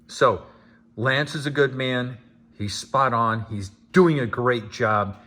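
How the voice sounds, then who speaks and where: A man delivering a mock-sincere, deadpan sarcastic monologue as a homeowner vlogger. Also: mid-range voice, takes it slowly.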